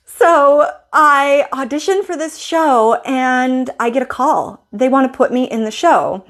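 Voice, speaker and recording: Expressive storytelling woman, higher voice. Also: unhurried, hardly any pauses. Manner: expressive storyteller acting out her own inner thoughts. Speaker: style coach. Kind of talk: personal storytelling vlog.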